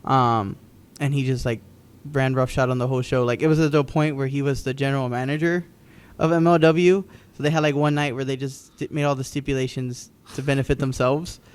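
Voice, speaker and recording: A man's voice: mid-range voice, steady tone, fairly quick, clean tone. A man co-hosting a podcast, recapping wrestling matches in casual, rambling chat with frequent ums and restarts. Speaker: podcast co-host.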